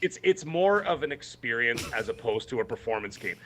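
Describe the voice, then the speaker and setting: A man's voice: medium pitch, lively intonation, brisk, a bit bright, a little hiss or hum. A man co-hosting a gaming podcast, talking in an emphatic, rambling way with many restarts. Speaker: podcast co-host. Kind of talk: casual podcast chat.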